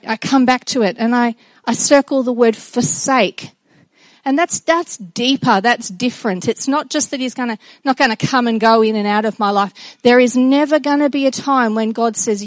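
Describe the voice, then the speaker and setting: A middle-aged woman giving a personal devotional talk to children and a congregation, earnest and reflective, with halting restarts. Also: a little high, dry recording. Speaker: speaker addressing children and congregation.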